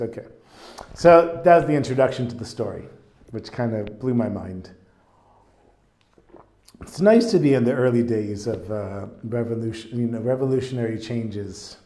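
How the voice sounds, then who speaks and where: Man, mid-pitch, animated Torah teacher telling a story in an echoey room. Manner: chatty, animated, with fillers. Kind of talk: casual storytelling lesson. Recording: roomy echo.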